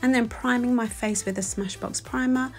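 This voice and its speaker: A woman's voice: fairly high pitch, steady tone, normal speed. Woman, 40s, London accent; chatty, self-deprecating tutorial voice-over over faint music. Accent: London English. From England. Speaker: beauty vlogger.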